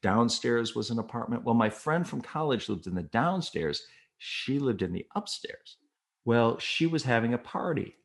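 A middle-aged man with a gravelly, mid-range voice speaks at a moderate pace, candidly sharing a personal story with a listener. As the storyteller guest, he's animated, acting out the voices of the people involved, and he's self-deprecating, laughing along the way.

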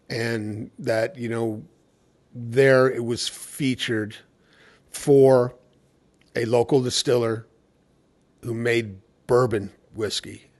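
Man telling stories about cocktails. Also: medium pitch. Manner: anecdotal storytelling, acting out quoted exchanges. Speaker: cocktail educator. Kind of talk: casual conversation.

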